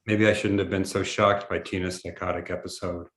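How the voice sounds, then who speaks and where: Brief: male author reading his memoir aloud, low voice, roomy echo on a video call. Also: little pitch movement, a bit bright. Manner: measured storytelling.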